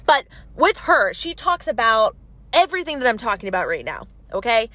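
A woman's voice: a little high, very animated, moderate pace, pushed and bright. A woman in her thirties hosting a motivational monologue, passionate and emphatic, repeating her key points. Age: 30s. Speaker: podcast host.

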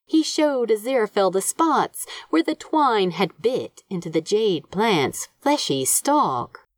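A woman reads a fan fiction aloud in a measured, expressive way, her pitch moving a lot. She takes her time. The sound is close and dry. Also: no echo. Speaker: podfic narrator. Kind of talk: scripted narration.

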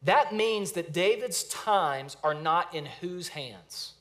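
A man with a slightly higher voice preaches a sermon. He is earnest and dynamic, stretching key words slowly and sinking to a hush for emphasis. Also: animated. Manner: earnest, varies pace and volume for emphasis, repeats phrases. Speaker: pastor.

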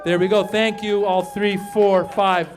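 A man from Iran performing an animated stand-up comedy set on a club stage, shouting some punchlines. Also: high-pitched, measured pace, over music. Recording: live club recording with audience.

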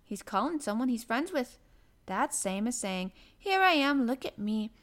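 A woman's voice: fairly high pitch, very animated, normal speed, a bit bright. A woman voicing a friendly young country boy from the moors, speaking broad in an easy, cheerful way. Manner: broad dialect, cheerful and easygoing.

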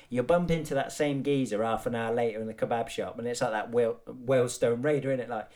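A man's voice: mid-range voice, brisk, a little mellow. A man hosts his own podcast with a rambling comic monologue. He talks in a mid-range voice, swears freely and keeps up loose, matey banter with the listener. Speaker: podcast host.

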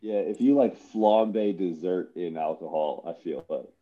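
A man's voice: sits low, a little slow, muffled recording. A man speaking as a guest in a casual podcast chat, enthusiastic and sweary.

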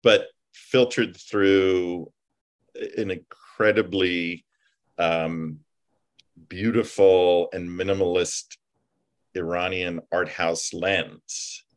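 A man, a film writer and producer, chatting casually and telling animated stories full of fillers and digressions. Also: low-pitched, very slow. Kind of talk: casual chat.

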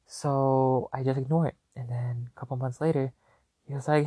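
A young man hosting a podcast, telling a long story in a casual, animated and rambling way with lots of fillers. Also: medium pitch, moderate pace, slightly rough, dry recording. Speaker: podcast host.

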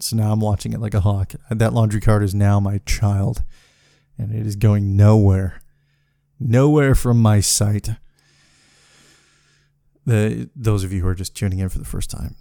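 Give me a man with a warm, dry-sounding voice, venting in a halting, profane podcast monologue. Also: fairly low pitch, gravelly, no echo. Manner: profane, halting, with many restarts. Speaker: podcast host. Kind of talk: casual solo podcast monologue.

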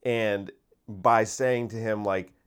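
Energetic man in a rambling podcast chat. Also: fairly low pitch, takes it slowly, smooth. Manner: rambling and conversational, with deadpan put-on voices. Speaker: podcast host and comedian. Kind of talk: casual solo podcast monologue.

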